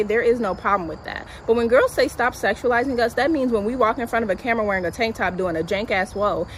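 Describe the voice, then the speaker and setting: A woman's voice: medium pitch, slight background noise, poor audio. A woman firmly explaining her point for a social video. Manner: firm, explanatory.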